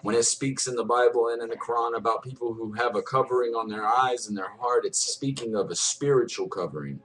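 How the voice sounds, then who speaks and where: A man's voice: mid-range voice, fairly quick, fairly bright tone, rough recording. A middle-aged man giving an earnest personal testimony, emotional and pleading, often repeating himself. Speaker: convert sharing his testimony.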